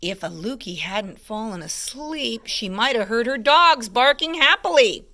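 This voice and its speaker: Expressive teacher reading a storybook, woman, slow and bright. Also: fairly high pitch. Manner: expressive, hushed asides about pictures. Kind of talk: storybook read-aloud.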